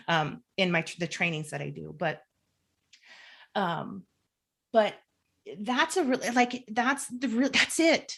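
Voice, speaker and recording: A woman's voice: medium pitch, gravelly. A woman, a clinical social worker, being interviewed on a podcast; she explains at length, often restarting sentences and acting out inner voices. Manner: animated, acts out inner self-talk.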